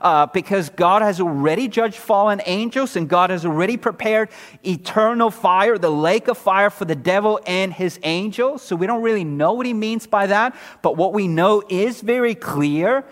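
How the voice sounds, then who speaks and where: A man preaching a sermon verse by verse, swinging from loud emphasis down to low, quiet drops, with sarcastic rhetorical questions. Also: moderate pace, in a large hall. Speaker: pastor.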